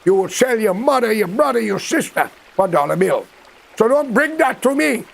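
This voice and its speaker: With a high-sitting voice, lively intonation, and vocal fry, this Guyanese man speaks at normal speed in a political rant to camera. He is a commentator who scolds a leader directly and combatively, using creole grammar.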